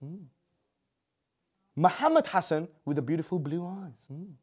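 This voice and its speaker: A man's voice: on the high side, sing-song, a little slow, a little mellow, slightly rough. A young man hosting a casual news-commentary show, playful and jokey with lots of slang. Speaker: host.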